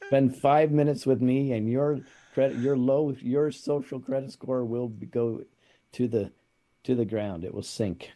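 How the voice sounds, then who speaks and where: Male host, warm dark voice, casual talk-show chat. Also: mid-range voice, fairly even intonation, measured pace.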